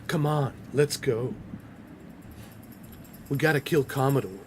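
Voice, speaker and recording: A man's voice: medium pitch, slow pace, slight background noise. A man casually commenting on a game during a livestream, loose and joking as he banters with his chat. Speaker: gaming livestreamer.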